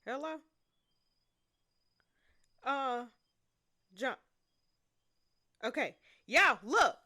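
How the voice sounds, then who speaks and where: A woman reading aloud and reacting to a story game, animated and chatty, talking straight to her viewers. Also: high voice, very slow, long pauses. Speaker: gamer.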